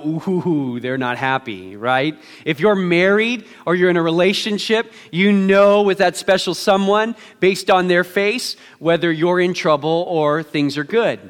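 A middle-aged man preaching as pastor, praying in a hushed, slow voice, then talking conversationally with self-deprecating humor. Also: high-pitched. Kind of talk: sermon. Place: church sanctuary. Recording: long hall reverb.

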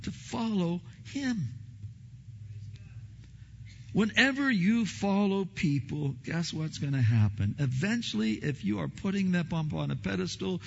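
Emphatic preacher in an echoing hall. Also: male voice, sits high, sing-song, unhurried, vocal fry, breathy edge. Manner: emphatic preaching, repeats words, swings loud and soft. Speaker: pastor. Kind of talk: sermon. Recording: long hall reverb, dull lo-fi sound.

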